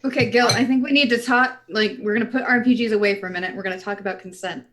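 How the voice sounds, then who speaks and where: A woman's voice: mid-range voice, rapid-fire, fairly bright tone, slight background noise. A woman chatting as a guest on a podcast, joking and teasing. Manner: playful, joking. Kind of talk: casual podcast chat.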